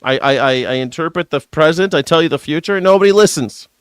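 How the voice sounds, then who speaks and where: A man hosting a news reaction show, ranting with sarcastic, profane commentary and yelling at times. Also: a little high, smooth, no echo. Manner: sarcastic, profane, fast-shifting rant; yells at times.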